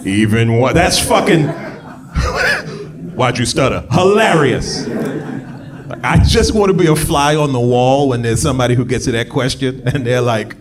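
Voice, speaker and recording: A man's voice: medium pitch, expressive, measured pace. A man performing a stand-up comedy set on a club stage into a handheld mic, riffing in a loose, conversational way with asides to the crowd. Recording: live club with loud audience.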